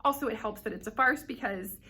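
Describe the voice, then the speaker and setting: A woman's voice: on the high side, brisk, bright, forceful tone, a little hiss or hum. A woman directing a school play, upbeat and explanatory in a behind-the-scenes interview.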